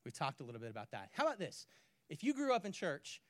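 A man preaching a sermon, swinging from hushed to loud and back, with playful asides. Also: on the high side, wildly swooping pitch, fast, no room sound, studio quality. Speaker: pastor.

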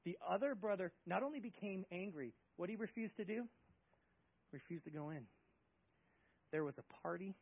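A man's voice: high-pitched, expressive, normal speed, long pauses, slightly rough, lo-fi sound. A male pastor preaching a sermon in an emphatic, conversational way, with many rhetorical questions.

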